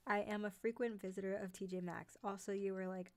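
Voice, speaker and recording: A woman's voice: mid-range voice, fairly even intonation, a little slow, pauses often. Chatty woman with a light New York accent. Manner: chatty, many fillers like "like" and "um". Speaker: host of a horror narration channel. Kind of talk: casual livestream chat with viewers.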